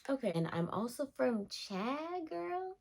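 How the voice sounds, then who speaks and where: Slow-talking excited woman vlogger. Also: medium pitch. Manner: slow, excited and chatty, reads passages aloud. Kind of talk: casual vlog, reading results aloud.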